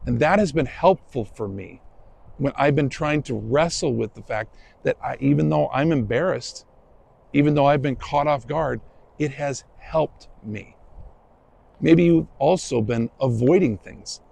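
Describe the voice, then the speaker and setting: Gravelly-voiced man preaching a sermon. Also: medium pitch, unhurried, darkish tone, low-quality recording. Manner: conversational, self-deprecating storytelling. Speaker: pastor. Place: church sanctuary.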